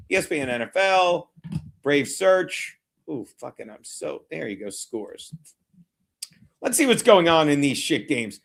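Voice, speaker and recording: A man's voice: on the high side, a bit bright. A man live-streaming a game watchalong, swearing constantly, rambling and mocking viewers while fiddling with his browser. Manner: brash and mocking. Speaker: streamer hosting a betting watchalong. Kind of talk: live-stream commentary and chat.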